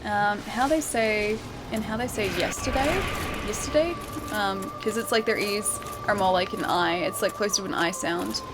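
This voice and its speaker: A woman's voice: medium pitch, steady tone, moderate pace, hardly any pauses, background noise. Chatty Australian woman streaming a game. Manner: chatty, laughs often, many fillers. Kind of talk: casual gameplay stream chat. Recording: game music behind the voice.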